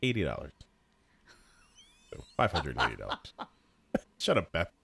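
A man's voice: extremely low pitch, huge pitch swings, unhurried, pushed and bright, slightly rough, no room sound. A man co-hosting a podcast in casual chat, playful and teasing, often laughing. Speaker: podcast co-host.

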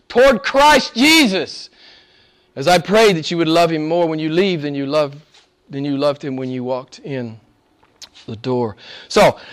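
A male pastor preaching a sermon, emphatic, swinging between loud exclamations and hushed asides. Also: sits high.

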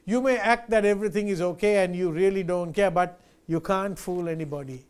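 A man's voice: sits high, a little fast, a little mellow, clear, resonant tone. A male pastor preaching a sermon, earnest and emphatic, repeating key phrases and addressing listeners as friends.

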